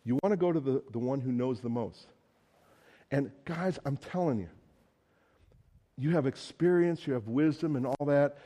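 A man's voice: on the high side, dark tone. A man preaching a sermon in a conversational, storytelling way, with casual asides. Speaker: pastor.

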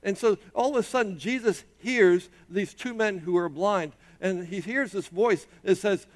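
High-voiced man preaching a sermon. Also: normal speed, hardly any pauses. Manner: emphatic preaching, rising and dropping in pitch and loudness. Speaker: pastor.

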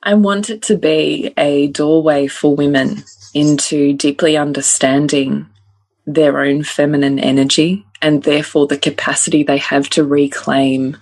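A woman with a low, husky voice hosts a casual podcast chat. She tells stories with energy and frequent laughter, and slows to a thoughtful, measured pace when she reflects. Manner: animated storytelling, laughs often; slow and deliberate when reflective. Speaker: podcast host and author.

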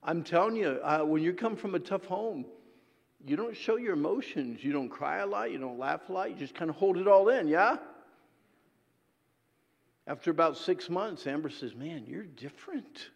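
A man preaching a sermon to a congregation, swinging between loud exhortation and hushed, intimate asides. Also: a little high, lively intonation, normal speed, vocal fry, long reverb tail.

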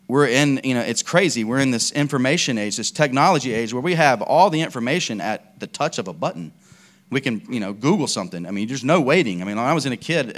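A man's voice: medium pitch, a bit bright. A man preaching a casual, conversational sermon, telling stories with lots of fillers and restarts.

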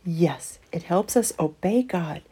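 A woman voicing a kind, patient mother in a storybook reading, gently explaining. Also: on the low side, lively intonation, slow pace, breathy edge, exaggerated voice. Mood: gentle.

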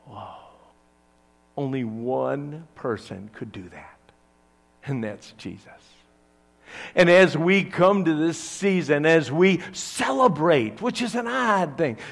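Slow, animated male preacher. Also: fairly high pitch, vocal fry. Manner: animated storytelling with big swings between loud and hushed. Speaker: pastor. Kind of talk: sermon.

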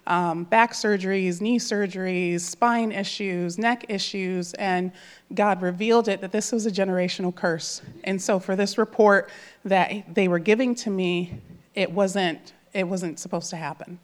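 Her voice sits at a medium pitch with fairly even intonation, and she speaks a little slowly. She's a woman in her thirties at church, offering an earnest, emotional testimony from the heart, with many fillers along the way.

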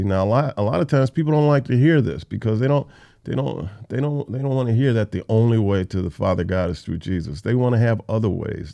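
A man's voice: fairly low pitch, gravelly, dark tone. A man hosting a Bible study podcast, teaching in a casual, conversational way on a close mic. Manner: conversational, with fillers and restarts.

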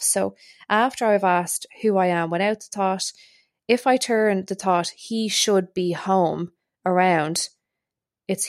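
A woman's voice: fairly low pitch, no echo, clean studio sound. Chatty woman hosting a self-help podcast. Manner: chatty, explaining step by step with many fillers. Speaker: podcast host. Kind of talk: casual self-help talk.

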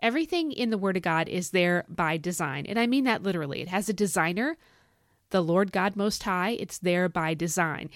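A middle-aged woman hosts a Bible teaching podcast, animated and excitable, folksy in her talk. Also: on the low side, normal speed, no room sound, studio quality. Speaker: podcast host.

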